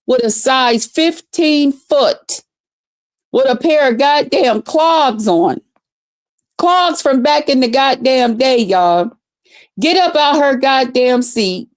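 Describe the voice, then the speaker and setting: A woman vents on her livestream in a high voice. She swears constantly, repeats her points, and talks trash with blunt force. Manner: loud, profane, repetitive, trash-talking with heavy cursing. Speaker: livestream host. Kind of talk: profane ranting livestream commentary.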